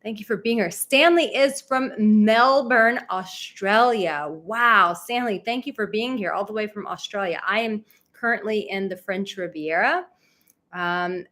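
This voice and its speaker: A woman's voice: medium pitch, measured pace, pushed and bright. A woman who coaches on dating, hosting a livestream and talking straight to her viewers. Her manner is effusive and emotional, and she gushes with gratitude.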